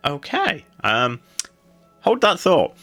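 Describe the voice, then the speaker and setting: A man's voice: fairly high pitch, huge pitch swings, takes it slowly, pushed and bright, faint music behind. A man playing a tabletop game, speaking hesitantly and repeating words as he thinks. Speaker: player.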